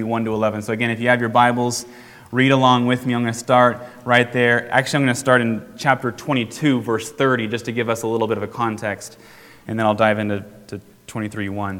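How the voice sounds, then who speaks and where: Measured male pastor in a reverberant hall. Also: medium pitch, fairly bright tone. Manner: measured, unhurried, with frequent pauses. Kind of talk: sermon.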